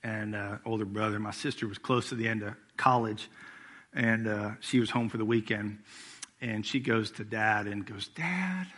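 A man's voice: lowish voice, level tone, normal speed, fairly bright tone. A middle-aged man preaching a sermon as executive pastor, telling family stories in a casual, conversational way. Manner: storytelling with acted-out quotes, conversational.

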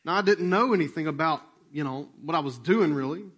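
A man preaching in a loose, conversational storytelling style, with a voice that sits a little higher than most men's. He acts out the people in his story and drops to a near hush when the moment turns tender. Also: a little fast. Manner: animated and conversational, acts out remembered dialogue. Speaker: pastor. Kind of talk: storytelling sermon.

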